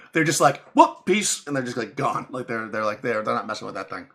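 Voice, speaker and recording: A young man running a tabletop game as game master, narrating casually with many restarts and quick laughs. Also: on the low side, bright, forceful tone.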